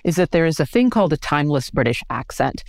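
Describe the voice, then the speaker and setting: An American woman, a history professor, explaining things in a clear, measured lecturing manner during an interview. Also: sits low, very animated, a little mellow, dry recording, studio quality. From United States.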